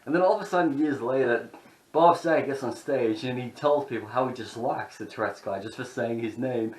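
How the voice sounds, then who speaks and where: A man's voice: mid-range voice, fairly quick. A man vlogging in a casual, rambling way, chuckling between thoughts. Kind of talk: casual chat. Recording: roomy echo.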